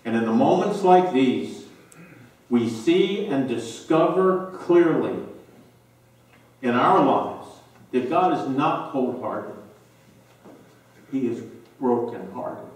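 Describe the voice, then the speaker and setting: A male pastor preaching a sermon, slow and emphatic with dramatic pauses, recorded in a church sanctuary. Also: mid-range voice, expressive, a little mellow. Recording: very echoey church from a distance.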